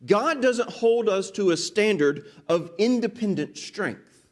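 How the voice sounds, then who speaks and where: A man preaching a sermon, expressive, acting out quoted people as he talks. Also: takes it slowly. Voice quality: animated, voices quoted people dramatically. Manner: expressive, rises and drops pitch for emphasis.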